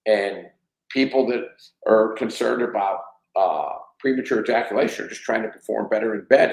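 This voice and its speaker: A man's voice: fairly low pitch, gravelly. A man in his sixties, a company chief executive telling anecdotes as a podcast guest, who acts out the dialogue of his stories. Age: 60s. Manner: animated storyteller who acts out quoted dialogue. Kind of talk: anecdotal storytelling in a podcast interview. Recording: roomy echo.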